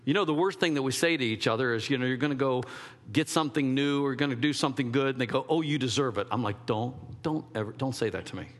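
A man preaching a sermon in an animated, conversational way, slipping into quick acted asides. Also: mid-range voice, long reverb tail. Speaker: pastor.

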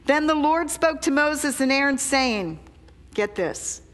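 Slow-paced woman preaching in a reverberant hall. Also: high voice, animated, fairly bright tone. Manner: slow, deliberate, drops to a near whisper when confessing. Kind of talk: sermon reading scripture with commentary.

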